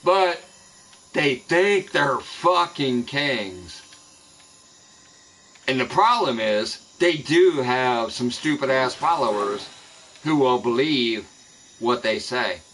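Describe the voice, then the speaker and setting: A man's voice: mid-range voice, expressive, takes it slowly, long pauses, a bit bright, slight background noise, low-quality recording. A man streaming live from home, ranting angrily and swearing heavily at people he says spread lies about him. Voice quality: profane, heated ranting. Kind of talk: angry live-stream rant. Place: home in the American Midwest.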